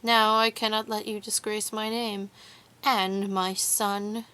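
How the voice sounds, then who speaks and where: A proud, ironic noblewoman with a bitter edge, voiced by a woman reading aloud. She speaks slowly and carefully, and every word carries a mocking bite. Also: medium pitch, flat delivery, clean tone. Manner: mocking, sharp irony.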